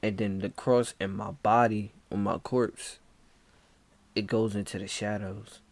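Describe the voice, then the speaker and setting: A man telling a spooky story in a laid-back, hushed casual way, dropping "bro" often. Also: on the low side, flat delivery, measured pace, no room sound. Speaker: vlogger.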